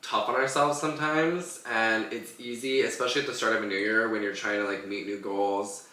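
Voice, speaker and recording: A man's voice: on the low side, steady tone, fairly quick, bright, forceful tone, reverberant, far from the mic. A young man co-hosting a podcast in casual chat, talking loosely with lots of "like" fillers and laughing often. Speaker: podcast co-host.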